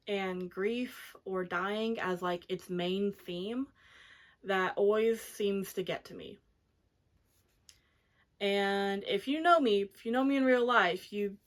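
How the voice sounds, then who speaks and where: Woman book reviewer, chatty and eager, easy conversational delivery, lots of fillers. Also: medium pitch. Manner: chatty and enthusiastic, many "like" fillers. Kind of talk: casual book review chat.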